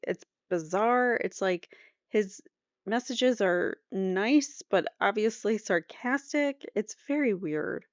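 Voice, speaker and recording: A woman's voice: medium pitch, darkish tone, dry recording, dull audio. A woman hosting a true crime podcast, giving incredulous, dry commentary. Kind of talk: casual commentary.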